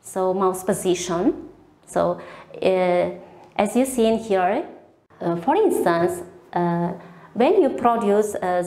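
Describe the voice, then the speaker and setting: Slow halting woman lecturing in an echoey room. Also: mid-range voice, mellow. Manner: halting, many filler pauses, careful model sounds. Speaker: teacher presenting on pronunciation teaching. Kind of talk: slide presentation lecture.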